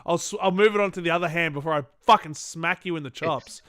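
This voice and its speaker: A man with a high, bright, clear voice mocks and jokes crudely in a podcast chat. His pitch swings widely, and the sound is dry and close. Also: fast, dry recording. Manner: crude, mocking. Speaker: podcast co-host. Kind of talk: casual banter.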